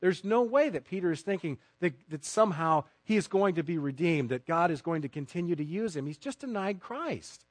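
Guy preaching a sermon, highish voice, punches some words and drops to quiet asides, dry close sound. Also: expressive, fairly quick, few pauses, no echo. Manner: emphatic preaching, swinging between loud stresses and quiet asides. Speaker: pastor.

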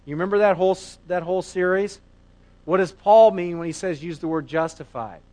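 Middle-aged male pastor, preaches conversationally with lively rhetorical questions, a touch high-pitched. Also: a little fast. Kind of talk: sermon.

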